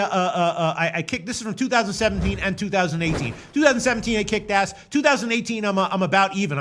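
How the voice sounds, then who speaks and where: A man hosting a sports betting show, running through his picks in excitable, profane casual chat. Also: high-pitched.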